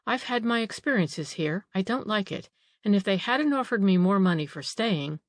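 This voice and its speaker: A woman's voice: mid-range voice, lively intonation, normal speed, no room sound, close to an everyday voice. A woman reading an audiobook, voicing an old female housekeeper who grumbles, frets and takes offence easily. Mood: fretful.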